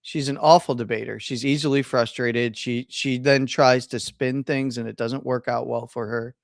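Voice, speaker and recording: A man's voice: mid-range voice, steady tone, moderate pace, gravelly, no room sound, studio quality. A man co-hosting a live stream, giving opinionated takes in casual chat, often stammering and restarting his sentences.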